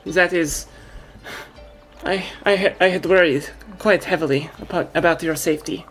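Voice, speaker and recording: A woman voicing a wounded, gentle noble woman with an attempted French accent in a tabletop game. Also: lowish voice, steady tone, normal speed, faint music behind, lightly acted, rough recording. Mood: tender.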